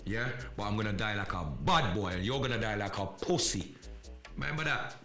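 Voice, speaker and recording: Defiant, profane man with a sharp voice. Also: on the low side, fairly quick, faint music behind. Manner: profane, defiant, repetitive and threatening. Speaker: live podcast host. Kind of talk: confrontational livestream rant.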